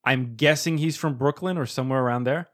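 Chatty podcast host, not American. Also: male voice, medium pitch, a bit bright. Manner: chatty, quick asides, laughs often. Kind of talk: casual podcast chat.

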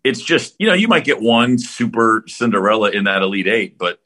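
A podcast co-host chats casually about college basketball and betting, rambling with repeated restarts and laughs. His voice is lowish and sharp-toned, brisk, with big pitch swings.

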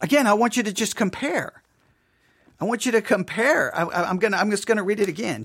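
A male preacher with a high, lively voice that swings widely in pitch. He delivers his sermon emphatically, piling up rhetorical questions and repeated phrases. The sound is dry and close to the mic. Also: a little fast, breathy edge, no echo.

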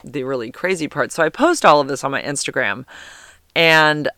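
A man tells a story on his home podcast, rambling and chatty and full of fillers. His voice sits a little high and sounds smooth and clean. The close podcast mic makes the sound dry. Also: lively intonation, moderate pace, bright, forceful tone, dry recording. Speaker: podcast host. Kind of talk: casual storytelling.

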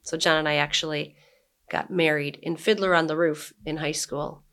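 Her voice sits low and moves at a normal speed. In her forties, she runs a brewery and writes a blog, and after a laid-back interview chat she reads one of her posts aloud with emphatic quoted lines.

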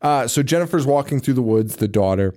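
A man's voice: medium pitch, animated, brisk, warm tone. A man casually recapping a movie on a podcast, joking, swearing and laughing often as he acts out lines. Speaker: podcast co-host.

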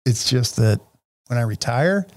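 A man's voice: medium pitch, unhurried. A middle-aged man in casual podcast chat, swearing freely and laughing often. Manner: profane, animated, laughs often. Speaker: podcast co-host.

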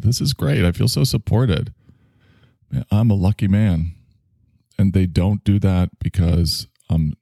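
A man with a low, gravelly voice hosts a casual podcast, drifting between jokes and musings and reading his chat aloud. His tone is dark and mellow, recorded close and dry. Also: dry recording. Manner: joking, self-mocking, rambling; reads out listener chat messages. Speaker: podcast host. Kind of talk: casual live-stream podcast monologue.

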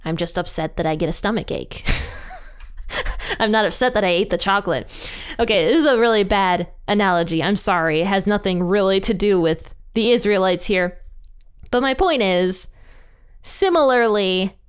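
Smooth-voiced woman teaching a Bible study. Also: mid-range voice, moderate pace. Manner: chatty, laughs at herself, reads scripture aloud.

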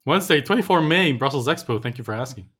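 A man's voice: mid-range voice, expressive, fast, fairly bright tone, husky. A man co-hosting a casual podcast, dry and matter-of-fact. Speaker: podcast co-host.

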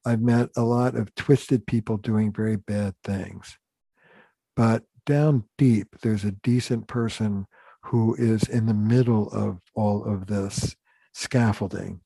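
Gravelly older man, emphatic therapist. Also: fairly low pitch, steady tone, takes it slowly, warm tone, no echo. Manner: earnest, emphatic, acts out quoted dialogue. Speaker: family therapist guest. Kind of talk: storytelling in a podcast interview.

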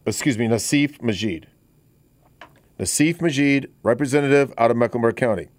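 A man's voice: medium pitch, moderate pace, no room sound. Dry-voiced middle-aged male radio host. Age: 50s. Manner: conversational, rambling with restarts. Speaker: radio talk show host. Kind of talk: talk radio monologue. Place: radio studio.

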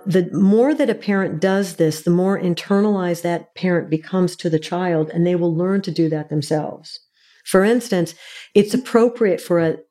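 This middle-aged guest expert has a mellow, somewhat low voice. During the interview she takes a teacherly, earnest tone and enumerates each point in turn.

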